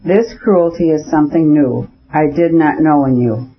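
A man's voice: fairly high pitch, moderate pace, faint music behind, close to an everyday voice. Man reading a distraught noble wife. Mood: anguished. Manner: pleading, bitter. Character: distraught noble wife, woman, young adult. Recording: dull lo-fi audiobook recording.

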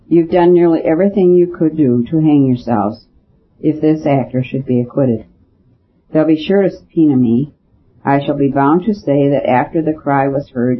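A man reading the part of a quiet, shrewd little old priest in a storybook, in a measured voice. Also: medium pitch, breathy edge, natural voice. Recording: dull lo-fi with faint hiss.

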